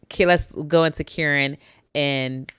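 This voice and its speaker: A woman co-hosts a casual recap chat, lively and laughing often as she acts out what people said. Her voice is bright and crisp. It is recorded close and dry. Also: low-pitched, a little slow, no echo. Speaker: podcast co-host.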